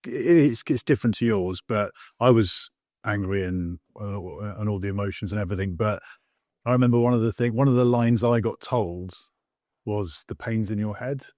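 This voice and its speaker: A man hosting a podcast interview, sharing his own experience in a reflective, halting way. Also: on the low side, darkish tone, no echo, clean studio sound. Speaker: podcast host, former Royal Marine. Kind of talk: conversational interview.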